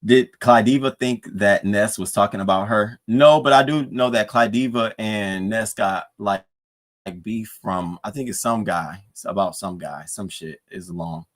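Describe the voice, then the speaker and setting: A man streamer chatting casually over breakfast, telling gossip with swearing and a voice that climbs high when he gets worked up. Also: measured pace. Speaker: streamer recapping live streams.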